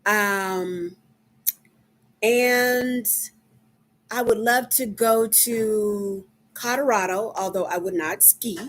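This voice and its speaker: Texan woman, fifties, live-stream host; slow, chatty delivery with frequent ums. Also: medium pitch, slight background noise. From Dallas, Texas. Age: 50s. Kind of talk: casual live-stream chat.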